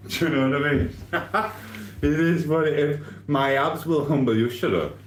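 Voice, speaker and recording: Casually chatting on a live stream, a Sheffield man from Yorkshire, England, works through viewer comments with rambling jokes and laughs. His voice is fairly high and unhurried, in a roomy space with slight background noise.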